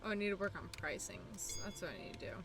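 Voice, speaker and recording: A young woman streamer chatting casually with her viewers in a relaxed way. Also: medium pitch, fast talker, over music.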